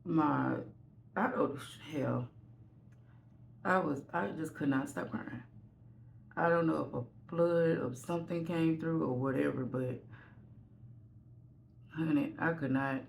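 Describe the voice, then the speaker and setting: Woman with a creaky voice telling a story. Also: sits low, slow pace, long pauses, slight background noise. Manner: candid, rambling, self-deprecating. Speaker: vlogger. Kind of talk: casual storytime while getting ready. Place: at home.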